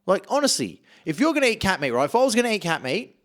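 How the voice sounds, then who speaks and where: A man holding forth in a loose podcast conversation, swearing freely and arguing his point with a pitch that jumps all over the place. His delivery is blunt and rowdy, more rant than discussion. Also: quick pace. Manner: blunt, heavily profane, animated ranting. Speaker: podcast co-talker. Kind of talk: casual podcast chat.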